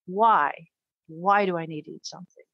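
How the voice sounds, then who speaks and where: A woman's voice: fairly low pitch, fairly even intonation, moderate pace, dry recording, dull audio. A middle-aged American woman, a guest in an interview, telling a personal story with earnest emotion and frequent repetition.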